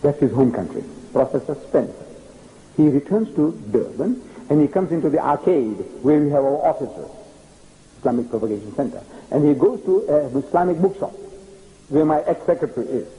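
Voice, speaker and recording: Animated older male preacher. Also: fairly high pitch, a little fast, narrow, tinny audio. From South Africa. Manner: animated storytelling, acting out dialogue. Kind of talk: public religious lecture.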